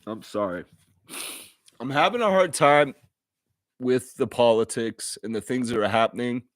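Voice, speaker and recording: A mid-range male voice with lively intonation speaks a little slowly, recorded at studio quality with no echo. Hosting a live fan stream, he delivers an unscripted, heartfelt, apologetic monologue full of emotion and restarted sentences.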